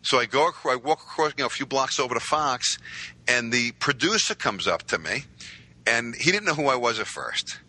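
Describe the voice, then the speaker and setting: A man, telling stories as a podcast guest with lively voiced quotes. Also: medium pitch, brisk, poor audio. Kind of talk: casual storytelling.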